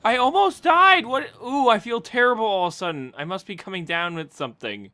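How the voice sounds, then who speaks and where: An excitable gamer narrates their own play, talking to themselves, swearing and yelping when things go wrong. Pitch leaps all over the place, and the tone is bright and sharp. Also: fast. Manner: excitable, yelps and shrieks at sudden events; talks to self, swearing and laughing. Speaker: gameplay commentator. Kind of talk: let's play commentary.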